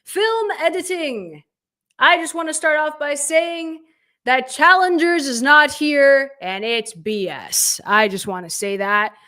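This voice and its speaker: A young woman hosting a casual live reaction stream, opinionated and animated, reading out viewers' chat comments. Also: high voice, takes it slowly. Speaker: livestream host reacting to award nominations.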